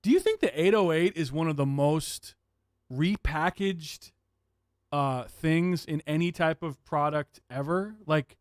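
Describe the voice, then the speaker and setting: A man hosting a livestream, chatting casually with viewers in an excitable, profane way and laughing often. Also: fairly high pitch, a little slow, no room sound, clean studio sound. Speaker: livestream host.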